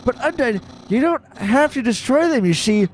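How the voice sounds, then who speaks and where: A man voicing an excitable male skeleton guard, shrill, stammering and out of breath as he reports. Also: normal speed. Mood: flustered.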